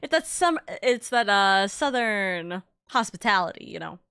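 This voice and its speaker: A woman's voice: medium pitch, animated, a little slow, bright, forceful tone, clear, resonant tone, no echo, clean studio sound. A woman hosting a stream, chatting casually and rambling with giggles while she plays. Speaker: streamer host. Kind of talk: casual chat while playing.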